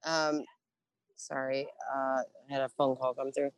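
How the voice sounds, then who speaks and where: A middle-aged woman guest casually telling a profane story about her Navy years, acting out the dialogue with animated energy. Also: very deep voice, a little slow, clean tone, no room sound. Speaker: guest, former Navy religious program specialist.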